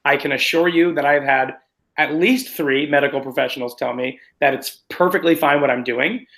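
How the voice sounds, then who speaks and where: A man, a stage actor, chatting in an interview in an animated, self-deprecating, rambling way. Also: fairly high pitch, moderate pace, poor audio. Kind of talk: casual interview chat.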